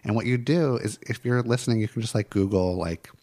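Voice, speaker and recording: A man's voice: on the low side, fairly quick, dark tone. A man in his forties co-hosting a podcast, chatting casually and walking through feelings one step at a time, with lots of "like.". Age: 40s. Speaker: podcast co-host. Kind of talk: casual chat.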